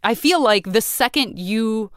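Smooth-voiced woman chatting animatedly. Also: measured pace, no room sound, clean studio sound. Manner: animated, acts out quoted voices with big pitch jumps. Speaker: podcast host. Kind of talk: casual conversation.

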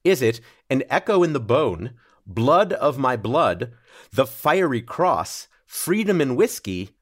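A man's voice: medium pitch, big pitch swings, takes it slowly. A man hosting a comedy trivia podcast, reading questions in a playful way and laughing often. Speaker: quiz show host.

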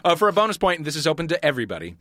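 A man hosting a comedy panel quiz, joking in quick asides and laughing at his own lines. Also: fairly high pitch, sing-song, a bit bright, dry recording. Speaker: quiz host.

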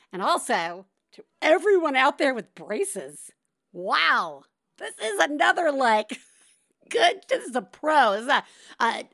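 A middle-aged woman hosting a podcast, telling a story in a casual, animated way and laughing often. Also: high voice, gravelly. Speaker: podcast host.

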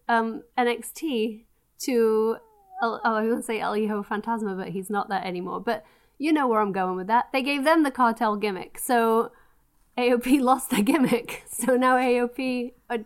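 A woman co-hosting a casual wrestling podcast in a slightly high voice. She rants, jokes sarcastically and laughs a lot. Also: steady tone, normal speed, smooth. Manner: sarcastic, ranting, laughs often. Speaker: podcast co-host.

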